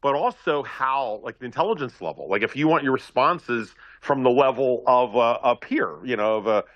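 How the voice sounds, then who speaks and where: A man speaking as a guest commentator on a talk show, animated and thinking aloud, often repeating words. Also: medium pitch, normal speed, dry recording, muffled recording. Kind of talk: casual political talk show chat.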